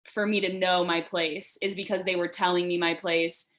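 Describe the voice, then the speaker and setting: A woman's voice: on the low side, little pitch movement, moderate pace, a bit bright. Young woman ex-player, casual rambling panelist. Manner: rambling, heavy use of "like". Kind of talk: panel discussion.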